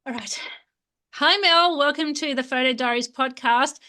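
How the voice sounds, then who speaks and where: A woman's voice: sits high, moderate pace, bright, forceful tone. A woman hosting a podcast interview, upbeat and enthusiastic. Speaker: podcast host.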